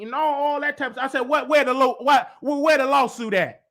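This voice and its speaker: A man hosting his own show launches into a heated rant. His voice sits high and bright. He piles up repetitions and acts out what others said with emphatic force. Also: fairly quick. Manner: animated, emphatic, repetitive, with acted-out quotes. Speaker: host. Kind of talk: heated live-stream rant.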